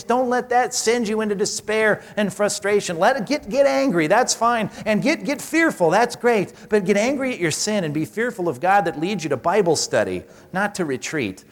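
A man preaching a sermon in a conversational way, asking the congregation questions and acting out what people in the passage say. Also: high voice. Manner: conversational preaching with rhetorical questions and animated acted-out quotes. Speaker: pastor. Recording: long hall reverb.

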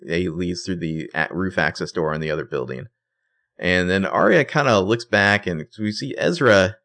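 A man's voice: low-pitched, moderate pace, a bit bright. A man co-hosting a podcast, animatedly retelling scenes and acting out the quotes in casual chat. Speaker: podcast co-host.

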